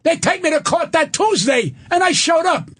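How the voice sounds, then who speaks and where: An older man, a comedian guest in a radio studio, ranting loudly and profanely and acting out the people in his stories. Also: very high-pitched, expressive. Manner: loud, profane, rapid-fire storytelling with acted-out quotes. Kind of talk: angry radio rant and storytelling.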